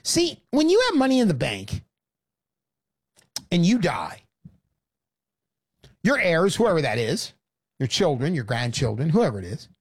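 A woman hosting a sarcastic, animated sales pitch monologue. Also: a little slow, pauses often, slightly rough.

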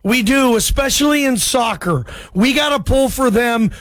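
A man hosting a call-in sports radio show, chatty and excitable, calling listeners bro. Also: extremely high pitch, normal speed, dry recording. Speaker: radio sports talk host.

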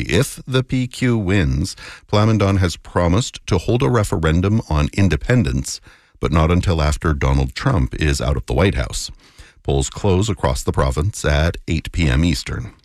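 A man reading the morning news on the radio in a measured, authoritative way. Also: low-pitched, darkish tone, dry recording, studio quality. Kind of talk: newscast reading. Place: radio studio. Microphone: close studio mic.

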